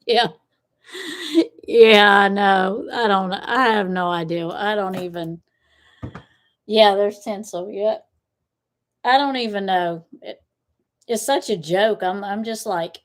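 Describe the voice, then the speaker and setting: A middle-aged woman, chatting casually with her livestream viewers, frank and blunt, laughing often. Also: medium pitch. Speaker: tarot livestream host.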